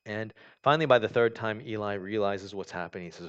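A man's voice: fairly low pitch, quick pace, clear, resonant tone. A man preaching a sermon in a conversational way, reading scripture aloud and explaining it with many fillers and restarts. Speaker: pastor. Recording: dull lo-fi recording.

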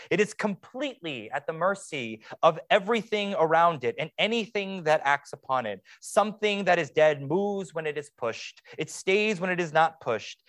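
Young male pastor, dynamic sermon. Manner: dynamic preaching, swings between hushed lows and mock-excited sarcasm.

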